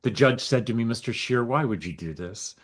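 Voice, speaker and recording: A middle-aged man, a guest on an interview podcast, telling his story with lively acted-out dialogue. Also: mid-range voice, fairly quick. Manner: animated storyteller acting out quoted dialogue. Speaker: guest, nonprofit founder.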